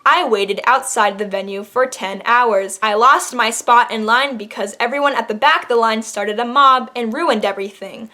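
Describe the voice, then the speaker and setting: A woman's voice: a little high, a bit bright. A young adult woman telling a personal story in a casual vlog, chatty, with many fillers and the odd laugh. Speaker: vlogger.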